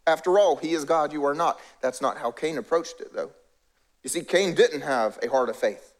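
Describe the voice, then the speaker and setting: A man's voice: on the high side, moderate pace. A middle-aged male pastor preaching a conversational sermon, acting out the voices of biblical characters.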